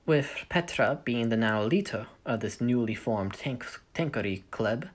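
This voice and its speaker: A woman's voice: extremely low pitch, animated, measured pace. A woman explaining the setup of her fan story in a casual, rambling way, often stopping to correct herself. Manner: rambling, self-correcting, thinking aloud. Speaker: fanfiction storyteller.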